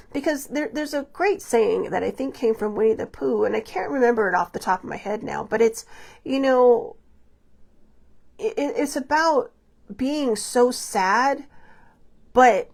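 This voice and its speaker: A woman's voice: on the high side, gravelly. A woman hosting her own podcast, talking through personal stories in a rambling, confiding way, full of fillers and restarts, and acting out quoted dialogue. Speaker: podcast host. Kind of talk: personal reflective monologue.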